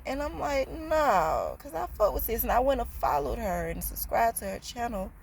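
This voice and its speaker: A woman's voice: fairly high pitch, sing-song, moderate pace, gravelly, a little hiss or hum. Blunt, profane, passionate woman vlogging. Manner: slangy, streetwise talk. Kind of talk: casual storytime monologue.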